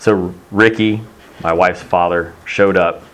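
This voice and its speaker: A man's voice: low voice, steady tone, takes it slowly, fairly bright tone. A middle-aged man from Texas preaching a sermon in a conversational, storytelling way, acting out the voices he quotes.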